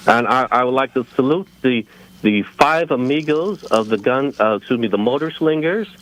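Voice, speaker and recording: A man's voice: medium pitch, animated, moderate pace, fairly bright tone, rough recording. A man calling into a radio show while under the weather, friendly and rambling with many fillers. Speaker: caller.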